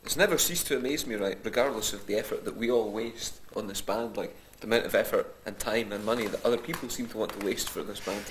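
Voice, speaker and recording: A man's voice: lowish voice, quick pace, hardly any pauses, poor audio. A man in a band trading sardonic banter with his bandmates. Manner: sardonic, wry. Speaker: band member. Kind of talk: joking banter among friends. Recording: loud background noise.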